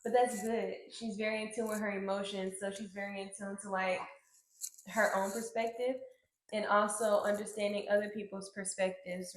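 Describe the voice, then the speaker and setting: Casting note: relaxed, candid woman co-host, casual chat, roomy echo, faint hiss. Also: medium pitch. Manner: relaxed, frank, swears casually, many fillers. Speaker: podcast co-host. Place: indoor room, on a couch. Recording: echoey room, faint noise.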